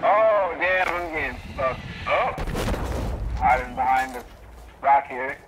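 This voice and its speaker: Young man swearing over loud gunfire. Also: medium pitch, expressive, slow pace, heavy background noise. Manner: swearing, joking. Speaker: co-op player. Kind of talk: casual gaming chat. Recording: game gunfire behind.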